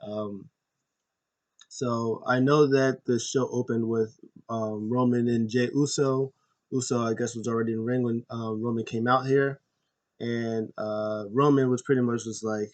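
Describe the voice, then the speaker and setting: A man's voice: mid-range voice, fairly even intonation, unhurried. A man hosting a casual video recap of a wrestling show, rambling with lots of ums and uhs and correcting himself as he goes. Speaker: YouTube host.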